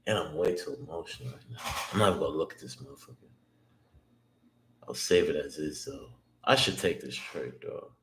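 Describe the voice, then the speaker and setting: A man's voice: very deep voice, animated, brisk, a bit bright. A man streaming his day trading, talking to himself, swearing and second-guessing every move. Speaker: day trader streaming live. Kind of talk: live trading stream, thinking aloud. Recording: roomy echo, faint background noise.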